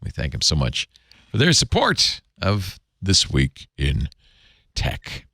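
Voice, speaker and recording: A man hosts a casual tech talk show. His voice swings up and down with a lively, animated lilt and often breaks into chuckles and joking asides. The sound is close and dry. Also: low voice, slow pace, no room sound. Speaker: podcast host.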